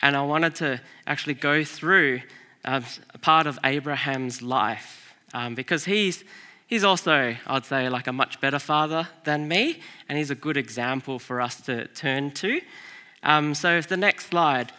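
Man, pastor, sermon, animated storytelling, loud to hushed, slightly high voice, long hall reverb. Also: unhurried.

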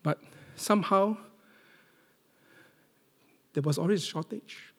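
A middle-aged man from Singapore preaches in with a somewhat high-pitched voice. His storytelling is animated, rising to loud emphasis and dropping to near-whispers. The sound carries the long reverb of a church hall. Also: slow. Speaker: pastor. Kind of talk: sermon.

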